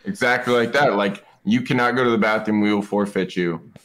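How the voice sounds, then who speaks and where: A man's voice: on the low side, fairly quick, a bit bright. A man, an esports pro, telling stories in a casual podcast chat, rambling and swearing with lots of fillers. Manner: rambling, profane storyteller, lots of "like". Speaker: esports pro player guest.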